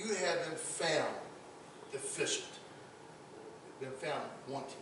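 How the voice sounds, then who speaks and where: A man's voice: a little high, slow, long pauses, noisy background. A man preaching a sermon as pastor, emphatic, often repeating words as he builds a point. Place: church sanctuary. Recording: echoey church sanctuary, distant mic.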